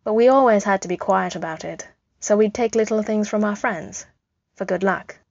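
A woman's voice: medium pitch, normal speed, creaky, darkish tone, no echo. Woman voicing an earnest, sheepish man. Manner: earnest, apologetic. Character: earnest, sheepish young man, new parent. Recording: dull lo-fi recording.

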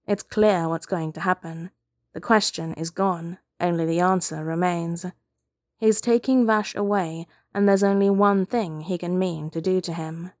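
A woman reading fiction aloud as narrator, with calm, steady storytelling. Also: on the low side, unhurried, no echo, clean studio sound.

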